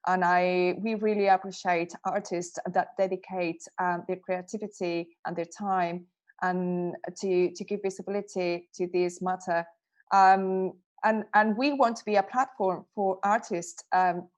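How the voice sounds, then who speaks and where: Woman host of an online art event, hesitant, on a video call. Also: fairly low pitch. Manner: hesitant, with many ums. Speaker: exhibition host. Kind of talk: online exhibition talk.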